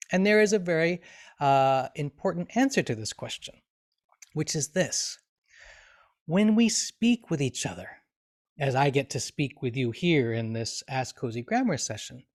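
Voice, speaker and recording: A man teaching grammar in a live online question session, explaining at length with frequent restarts and fillers and reading example sentences with expressive inflection. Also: a little high.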